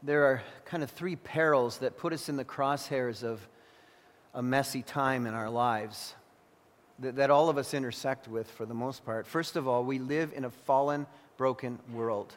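A man preaching a sermon as pastor, crying out in anguished prayer and then teaching calmly. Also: medium pitch, moderate pace. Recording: long hall reverb.

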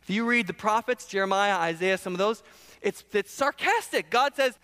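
High-voiced pastor preaching in a reverberant hall. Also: male voice, normal speed, smooth. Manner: conversational, animated, asks the audience questions. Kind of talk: sermon. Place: church hall.

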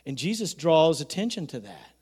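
A man preaching a sermon, swinging from loud, emphatic shouting to soft, quiet points. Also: fairly high pitch, very animated, normal speed, husky. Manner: builds to shouting emphasis, then drops to quiet. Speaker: pastor.

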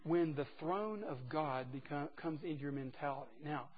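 A man preaching a sermon to a group of men, emphatic and folksy, dropping from loud exclamations to hushed asides. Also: on the high side, normal speed, dull audio. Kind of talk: sermon to a men's gathering.

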